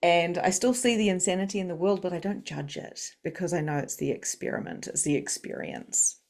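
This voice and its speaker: A middle-aged woman, an interview guest, tells her story in an animated way, acting out the voices she quotes and laughing often. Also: lowish voice, fairly quick, gravelly. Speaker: psychic medium and coach, interview guest.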